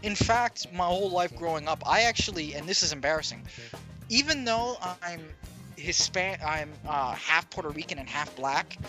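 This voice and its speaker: A man's voice: fairly high pitch, expressive, normal speed, sharp tone, soft background music. A man co-hosting a casual podcast chat, rambling and poking fun at himself. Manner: self-deprecating, rambling. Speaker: podcast co-host.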